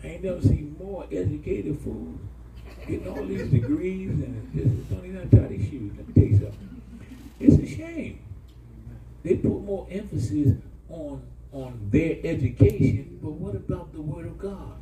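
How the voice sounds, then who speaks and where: A middle-aged man preaches, his gravelly voice leaping high and dropping low as he drives the sermon. He is picked up from a distance in an echoey church room. Congregation members answer him from the pews. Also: normal speed, a crowd in the background. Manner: animated preaching with call-and-response. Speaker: pastor. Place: church hall. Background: congregation responding.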